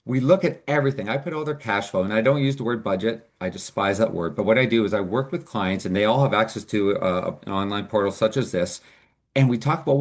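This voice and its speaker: A man's voice: on the low side, quick pace. A man presenting as a financial advisor in a webinar, explaining options in an earnest, upbeat way.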